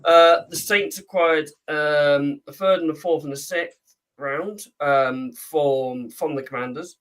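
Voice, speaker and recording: A man's voice: a little high, slow, a bit bright. Chatty UK man, distant from the mic. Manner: chatty, with frequent ums and uhs while reading. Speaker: podcast co-host reading the trade news. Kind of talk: casual chat.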